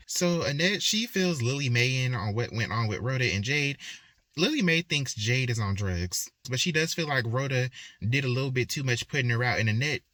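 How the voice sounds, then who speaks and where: A young man recaps a novel in a loose, chatty way, slipping into the characters' lines as he goes. His voice is bright and a little tense. The sound is dry and close, with no room echo. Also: medium pitch, fairly quick. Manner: chatty, colloquial, acts out quotes. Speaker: book reviewer. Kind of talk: casual book recap.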